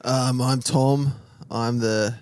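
A man, a guest comedian talking in a slow, bemused way. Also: medium pitch, fairly even intonation, darkish tone. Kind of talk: casual podcast banter.

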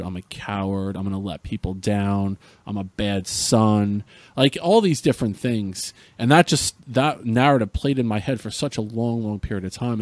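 A man's voice: fairly low pitch, a little mellow, dry recording. A middle-aged man from Central New Jersey, a podcast guest earnestly retelling a painful personal story with frequent restarts.

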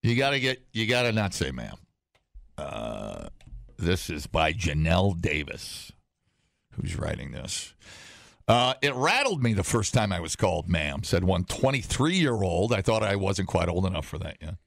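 A hoarse man hosting a casual talk show, joking and reading an article aloud, often slipping into mock voices. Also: sits low, sing-song, unhurried, a bit bright, no echo, clean studio sound. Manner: jokey, slips into mock voices and impressions. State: hoarse, losing his voice.

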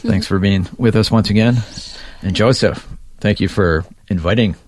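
A man hosting a radio interview in a studio, prompting gently and thanking his guests. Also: fairly low pitch, moderate pace, slight background noise. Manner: soft-spoken, brief prompts.

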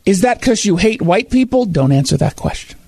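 High-pitched guy ranting sarcastically, dry close studio sound. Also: expressive, a little fast, gravelly, darkish tone, no room sound. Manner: sarcastic, emphatic. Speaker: talk show host. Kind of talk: opinion commentary, reading and reacting.

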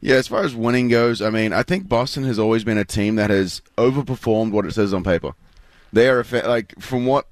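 A man's voice: fairly low pitch, no echo. A man in his thirties with an Australian accent, chatting easily as a radio guest with lots of fillers and restarts. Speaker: guest, pro baseball pitcher. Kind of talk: casual radio interview. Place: live broadcast at a spring training ballpark.

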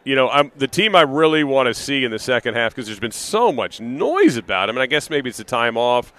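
A man hosting live sports talk radio, broadcasting from an arena. His pitch sits in the ordinary middle range for a man. He chats loosely, circling back on himself with "uh" and "you know.". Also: sing-song, a little fast, a bit bright. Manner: conversational, rambling with fillers and restarts.

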